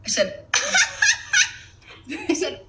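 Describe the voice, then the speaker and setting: A young woman on a blunt, foul-mouthed rant, her pitch leaping up and down all the while. Her voice is bright and a touch high, and she swears freely and laughs between sentences. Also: big pitch swings, normal speed, background noise. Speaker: content creator. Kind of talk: casual profane rant to camera.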